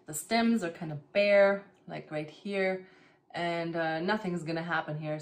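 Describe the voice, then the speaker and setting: A woman's voice: lowish voice, slight background noise. A woman from East Germany in her thirties, chatting casually to the camera at home while doing plant chores, with lots of fillers and laughter. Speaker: vlogger.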